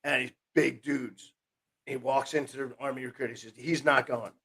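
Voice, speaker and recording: A man in his 50s from New Jersey, USA, guests on a podcast and tells his life story, rambling and interrupting himself while animatedly quoting other people's voices. His mid-range voice is gravelly with a breathy edge, at a moderate pace.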